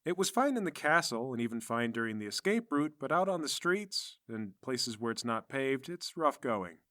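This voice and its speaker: Man game master, chatty narration, bright tone, dry close mic. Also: mid-range voice, sing-song, moderate pace, no room sound. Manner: chatty, descriptive.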